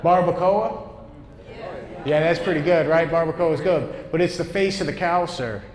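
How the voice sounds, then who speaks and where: A man's voice: on the high side, moderate pace, a little mellow. A man from upstate New York doing a stand-up comedy set on a club stage, with a brash, punchy delivery and asides to the crowd. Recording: echoey club room with noise. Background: audience laughter.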